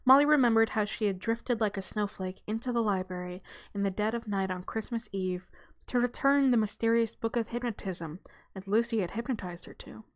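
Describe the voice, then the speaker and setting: A woman hosting her channel, reading a children's novel aloud in a relaxed, casual way with small stumbles and self-corrections. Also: a little high, a little fast. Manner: breaks off for a light aside and a laugh.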